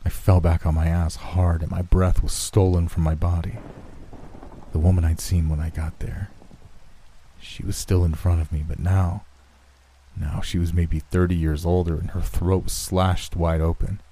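A man reading a first-person horror story in a measured, dramatic storytelling manner. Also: deep voice, little pitch movement, warm tone, a little hiss or hum. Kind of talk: scripted horror narration.

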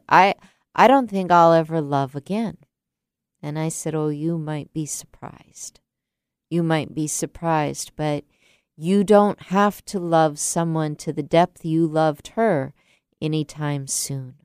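A woman in her late fifties tells a reflective personal story, speaking slowly and softly with a low, smooth voice. The recording is dry and close, with no room sound. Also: no echo. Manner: slow, soft-spoken and unhurried. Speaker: teacher.

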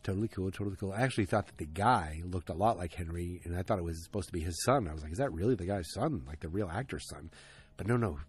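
A man's voice: low voice, expressive, fast. A man casually recapping a TV episode, ranting, swearing and drifting off on tangents.

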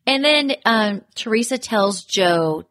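A woman co-hosting a casual podcast, retelling scenes with lively acted-out quotes and frequent swearing. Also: fairly high pitch, slow. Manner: animated storytelling, acting out quotes, swears freely. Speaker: podcast co-host. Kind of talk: casual chat recapping reality TV.

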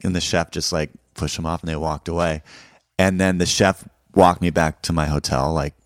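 A male comedian telling a personal story in a deadpan, conversational and self-mocking way. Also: low voice, moderate pace, no room sound, studio quality.

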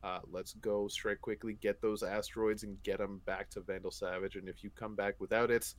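Casual comics podcast co-host, man, a bit low, teasing and loose with swears. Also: flat delivery, moderate pace. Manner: playful, swears, laughs often. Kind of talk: casual comic book chat.

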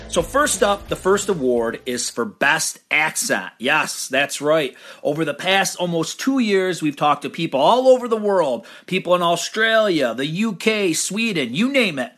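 Playful American podcast host, lively pitch. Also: male voice, measured pace, few pauses, faint music behind. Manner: playful, upbeat announcer. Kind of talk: award show announcing.

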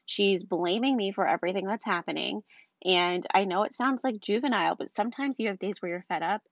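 A medium-pitched woman speaks briskly as she shares an exasperated, chatty story about her day on a casual vlog, peppering it with "like" and "um." She's a young mother of two small kids. The dry, dull lo-fi audio has no room sound.

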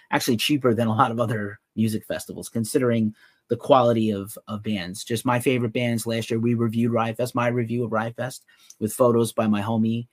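A man's voice: mid-range voice, dry recording, clean studio sound. Rambling man hosting a live news podcast. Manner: loose, rambling, reads chat comments aloud. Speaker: podcast host. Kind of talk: casual live news show chat.

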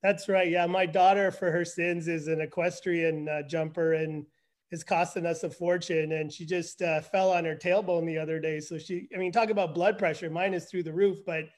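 High-voiced self-deprecating man storytelling. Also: little pitch movement, normal speed. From Canada. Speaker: guest, forensic psychologist. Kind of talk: casual interview conversation.

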